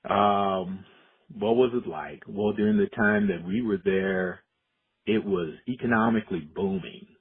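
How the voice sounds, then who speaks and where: A man's voice: on the low side, a little slow, breathy edge. A man from Decatur, Illinois, an educator, telling his life story in a reflective oral history interview with frequent restarts. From Decatur, Illinois, USA. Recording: muffled phone-like audio.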